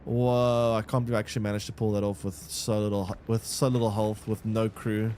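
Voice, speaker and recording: A man streaming a game live, reacting out loud and talking to his chat. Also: fairly low pitch, a little fast, slight background noise. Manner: animated, exclaims and talks to chat. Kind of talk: live gameplay commentary. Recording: faint game music behind.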